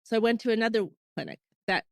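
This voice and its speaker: A woman's voice: a little high, animated, quick pace, gravelly, dry recording. A Canadian woman in her thirties, hosting a podcast and candidly recounting her personal fertility story in a casual, emotional way, often acting out what people said. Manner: candid, emotional retelling with quoted dialogue.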